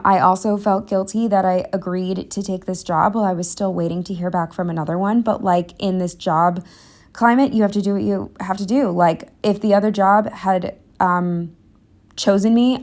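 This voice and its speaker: A woman's voice: medium pitch, fairly even intonation, moderate pace. A young woman narrating a planner vlog in a candid, rambling, self-deprecating way, slightly out of breath. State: a bit out of breath. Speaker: planner vlogger. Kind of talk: casual voice-over narration.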